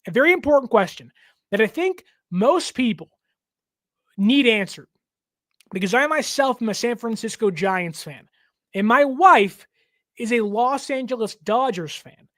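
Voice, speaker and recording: A young man hosting a casual sports talk show, given to animated joking rants. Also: extremely high pitch, unhurried, long pauses, no echo, clean studio sound. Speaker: show host.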